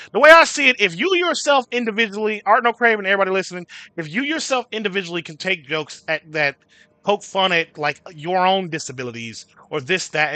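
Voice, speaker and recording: A man's voice: sits high, bright, forceful tone, no room sound. A man hosting a casual livestream, ranting and chatting with viewers by name, cursing freely. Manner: swearing freely. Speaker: livestream host.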